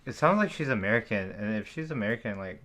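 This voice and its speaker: A man's voice: on the low side, lively intonation, fast, a bit bright. A man co-hosting a casual podcast chat, joking and teasing with playful bits. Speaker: podcast co-host.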